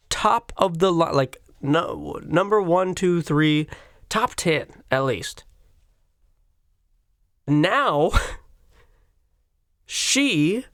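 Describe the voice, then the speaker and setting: A man hosting a solo podcast, ranting crudely and sarcastically, swinging from loud outbursts to quiet stretches. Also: sits high, no room sound, studio quality. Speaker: podcast host.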